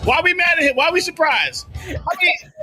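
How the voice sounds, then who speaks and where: A man's voice: very high-pitched, animated, normal speed, bright, forceful tone. A man co-hosting a casual podcast, ranting with profanity and laughter. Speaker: co-host.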